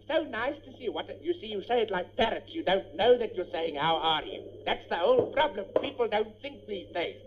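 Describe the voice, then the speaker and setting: A man in a candid radio comedy sketch, grumbling and ranting in a complaining way. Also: high-pitched. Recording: dull old radio recording with faint hiss.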